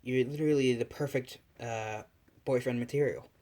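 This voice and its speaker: A man voicing a nervous teenage girl hero in a spoken fan story, halting and hesitant. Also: mid-range voice, fairly even intonation, mellow, lightly acted.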